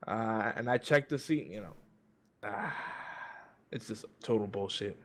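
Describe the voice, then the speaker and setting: A man with a fairly low, slightly bright voice co-hosts a podcast from a video call, keeping a measured pace. He rants in casual chat, swearing freely and stumbling through restarts.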